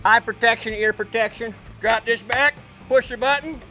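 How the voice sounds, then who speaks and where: A man's voice: extremely high pitch, steady tone, moderate pace, sharp tone, faint music behind. A man playing a brash, know-it-all lawn-care guy who talks folksy, bossy and salesman-like.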